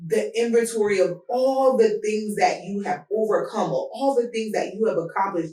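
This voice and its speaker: A woman hosting an advice podcast, talking casually and telling personal stories with lively swings in her voice. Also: normal speed. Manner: animated, voice jumps high when telling a story. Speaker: podcast host. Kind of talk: personal advice talk with storytelling. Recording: roomy sound from a distance from the mic.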